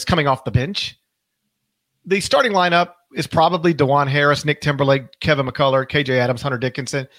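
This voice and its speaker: A man's voice: on the high side, a bit bright, dry recording. A middle-aged man hosting a podcast, talking casually, rambling and correcting himself, stressing key words. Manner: rambling, self-correcting, emphatic. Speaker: podcast host.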